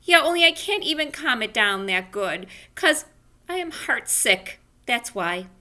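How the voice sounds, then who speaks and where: A woman voicing a loud, feisty little kindergarten girl while reading a children's book aloud, with shouty, childlike outbursts. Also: fairly high pitch, very animated, measured pace, pitched above the performer's own voice, heavily acted. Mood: indignant whining.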